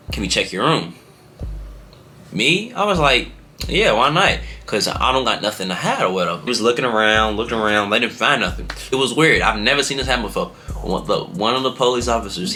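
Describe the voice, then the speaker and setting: A young man vlogger telling a story in casual slang. His voice jumps up in pitch when he acts out what people said. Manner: animated, slangy, jumps high in pitch when acting out quotes.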